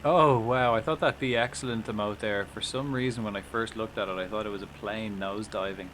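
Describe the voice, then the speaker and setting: A man's voice: lowish voice, steady tone, brisk, a bit bright, slight background noise. Chatty man on a live stream. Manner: chatty, swearing, jokey asides. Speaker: livestreamer. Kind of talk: casual live-stream commentary.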